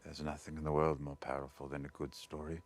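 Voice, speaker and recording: Shrewd drama adviser: very low voice, measured, persuasive. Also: male voice, monotone. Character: shrewd, wry male royal adviser. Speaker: actor in a TV drama clip.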